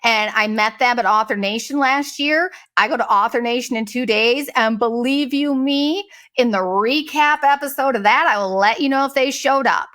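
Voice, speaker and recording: Woman podcaster ranting through a story, swears a lot, does little voices for people, kinda high voice. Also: normal speed, few pauses. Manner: profane, animated, mimics people she quotes. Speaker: podcast host. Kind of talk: casual storytelling monologue.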